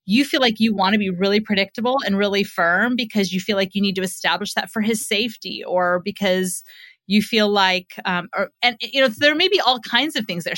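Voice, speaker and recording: A woman's voice: mid-range voice, pushed and bright, no room sound. A middle-aged woman, a psychotherapist guest on a podcast, explaining things in a conversational way with lots of fillers.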